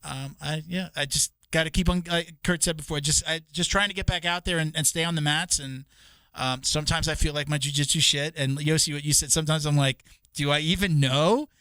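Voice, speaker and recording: A man's voice: a little high, steady tone, brisk, bright, forceful tone, clean tone, dry recording. A man co-hosting a podcast, talking casually and rambling, swearing and restarting his sentences often. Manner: rambling, profane, with many restarts.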